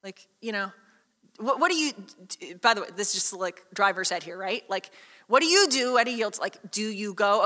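A woman pastor preaching a sermon in a conversational, lively storytelling way with many asides. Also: mid-range voice, normal speed, big-room sound.

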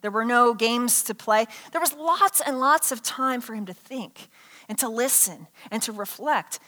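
A woman preacher giving an animated sermon, telling a story and asking the congregation questions. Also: fairly high pitch, measured pace. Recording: hall reverb.

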